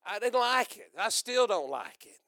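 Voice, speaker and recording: An older man preaching a sermon, rousing and loud, calling out to the congregation. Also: high-pitched, big pitch swings, normal speed, dry recording, studio quality. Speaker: pastor.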